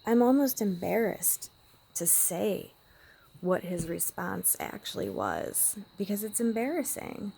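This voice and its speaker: A woman vlogger telling a personal story with emotion, now and then dropping to a hushed whisper. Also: mid-range voice, very animated, takes it slowly, vocal fry, a little hiss or hum. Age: adult parent.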